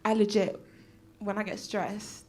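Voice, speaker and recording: A woman's voice: medium pitch, little pitch movement, a little slow. A young woman telling a rambling, giggly stand-up story on a comedy club stage. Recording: crowd laughter from a live audience. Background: audience laughing.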